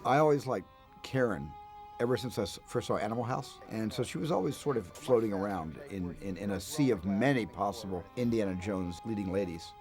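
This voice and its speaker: A film director telling relaxed behind-the-scenes anecdotes in an interview. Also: male voice, lowish voice, a little fast, soft background music. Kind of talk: reminiscing interview.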